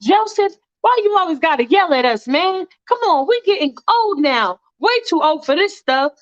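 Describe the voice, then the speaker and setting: A woman's voice: very high-pitched, lively intonation, moderate pace, no echo, voice pushed up. Woman doing a whiny grown son. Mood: whining. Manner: whiny, complaining. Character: whiny grown son complaining to his father. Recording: dull lo-fi dry recording.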